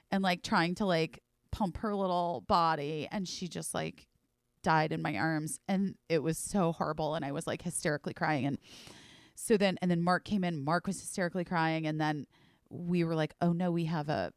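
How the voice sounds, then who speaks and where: In a fairly low voice at a moderate pace, a woman in her forties chats on her podcast, spinning a rambling, animated tale heavy on "like" and cursing. The recording is dry and studio quality.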